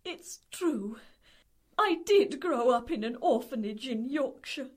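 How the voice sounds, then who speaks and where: A pompous, theatrical lady from a comedy radio drama, played by a woman, her northern English accent showing through the airs. Her voice sits high and swings wildly up and down. Everything comes out melodramatic. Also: animated, takes it slowly, darkish tone, heavily acted. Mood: tearful. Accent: northern English, slipping through. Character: pompous middle-aged woman hiding a northern past.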